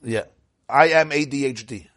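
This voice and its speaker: A man's voice: mid-range voice, normal speed, fairly bright tone, no room sound, clean studio sound. A man teaching an informal religious class, chatty and digressive, often laughing and quizzing his listeners. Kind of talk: informal Torah class lecture.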